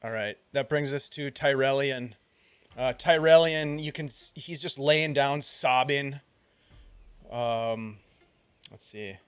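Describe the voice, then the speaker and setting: A man narrating as game master of a tabletop game, with quick relaxed asides between scene descriptions. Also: mid-range voice, smooth.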